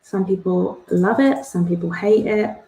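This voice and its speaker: A woman's voice: medium pitch, a little slow, mellow. A young woman hosting an art club, chatting casually while she draws and joking at her own expense. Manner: rambling and self-deprecating, laughs at herself. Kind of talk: chatty drawing tutorial. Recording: echoey room.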